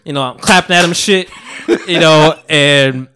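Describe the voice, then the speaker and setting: A man's voice: fairly high pitch, measured pace, pushed and bright, a little hiss or hum. Laughing, rambling male podcast co-host. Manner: rambling, laughs often, acts out quotes. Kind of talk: casual chat, storytelling.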